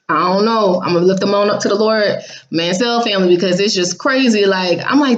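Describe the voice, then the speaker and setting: Blunt, animated woman telling a dream. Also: mid-range voice, fast talker, lo-fi sound. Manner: animated, quotes people in raised voices, blunt and sassy. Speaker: vlogger recounting a dream. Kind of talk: casual storytelling to viewers.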